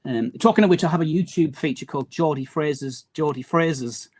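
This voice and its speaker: A man's voice: a little high, a little fast, a little mellow, slightly rough. A man from County Durham with a mild Durham accent and a faint Teesside trace, chatting as a guest about his publishing work with many restarts. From County Durham, England. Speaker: guest, map and book publisher. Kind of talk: casual interview chat.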